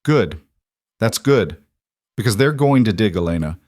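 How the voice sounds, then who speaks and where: A man voicing a blunt, seasoned woman lawyer who lays out warnings in a brisk, firm way in an audio story. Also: lowish voice, lively intonation, darkish tone, dry recording, clean studio sound.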